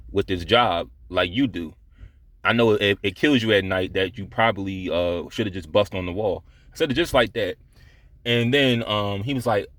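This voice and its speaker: A man with a fairly low voice tells a story from his job, blunt and profane, circling back with restarts and fillers. The sound is close and dry, with no room around him. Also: fairly bright tone, dry recording. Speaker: vlogger telling a work story. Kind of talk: casual storytelling vlog.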